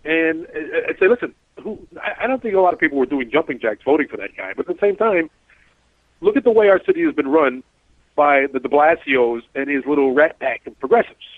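A man's voice: on the high side, expressive, brisk, no room sound. A man hosting a talk show, rambling and frustrated, with lots of restarts. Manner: rambling, stop-start, frustrated. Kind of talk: casual talk show discussion. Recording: tinny phone-like line.

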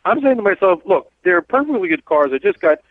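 A man's voice: sits high, big pitch swings, brisk, dry recording. A man, a cab driver hosting a talk radio show, blunt and rambling as he tells stories. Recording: tinny phone-like dry sound.

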